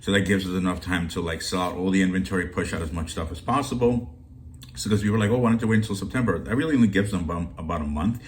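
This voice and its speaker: A man with a fairly low voice talks in a loose, rambling way, greeting his viewers like friends. He is a shopping deals vlogger chatting casually to camera. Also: quick pace, a little hiss or hum.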